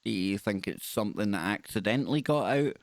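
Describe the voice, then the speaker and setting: A man's voice: on the low side, brisk, dry recording. A man hosting a live call-in radio show, chatty and upbeat, often repeating words as he talks to callers.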